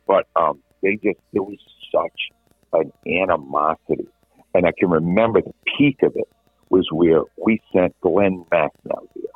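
A middle-aged veteran sports radio host, appearing as a guest, tells stories in an animated, casual chat with a very low, husky voice, often restarting his sentences. He speaks unhurriedly over a thin, phone-like line. The sound is dry, with no room or echo around him.

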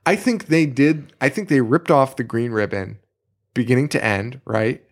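At a moderate pace and in a mid-range voice, a male podcast co-host launches into a profane, animated rant. The talk is casual, and a studio mic picks him up.

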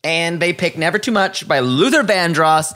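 Give me a higher-voiced man casually recapping a show. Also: lively intonation, sharp tone. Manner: brisk, acts out imagined quotes. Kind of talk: casual chat recapping a TV episode.

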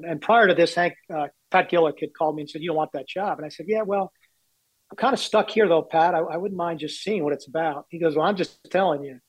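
A man's voice: on the high side, dry recording, low-quality recording. Candid storytelling man in his sixties, dry sound. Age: 60s. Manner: candid, self-deprecating anecdotes. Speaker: baseball executive guest. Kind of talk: storytelling interview.

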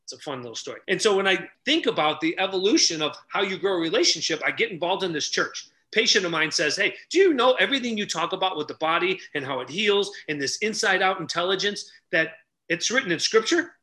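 An energetic middle-aged man telling stories as a podcast guest, acting out the people he quotes. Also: high-pitched, quick pace. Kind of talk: animated storytelling.

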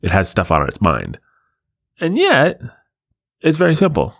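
A man's voice: medium pitch, wildly swooping pitch, unhurried, creaky, a bit bright, no room sound. A man hosting a podcast alone in a studio, riffing in a sarcastic, self-deprecating, rambling way. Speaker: podcast host.

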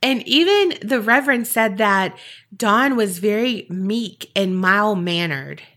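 A woman's voice: mid-range voice, animated, slow pace, a bit bright. A woman podcast host telling a story in a chatty, casual way with wry asides.

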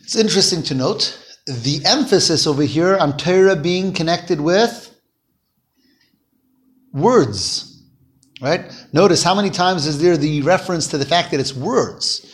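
A man teaching a Torah lesson to a class, explaining slowly and putting questions to his students. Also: a little high, lively intonation.

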